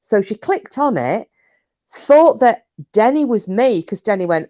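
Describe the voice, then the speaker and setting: A woman's voice: fairly high pitch, very animated, normal speed, mellow, no echo. A British woman co-hosting a stream, telling a story about a friend in a chatty, rambling way. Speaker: streamer, co-host. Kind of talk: casual chat.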